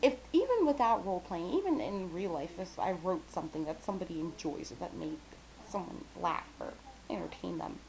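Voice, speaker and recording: In a low-quality recording with a little hiss or hum, a young woman vlogs in a lowish, creaky voice that's animated and a little fast. Talkative and self-deprecating, she rambles with plenty of fillers, mumbles at times, and imitates her friends in bright, squealy voices.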